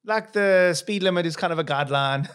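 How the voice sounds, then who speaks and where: A man with a South African accent, co-hosting a podcast and telling relaxed anecdotes with dry humor. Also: high-pitched, a little fast, clear, resonant tone. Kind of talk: casual podcast chat.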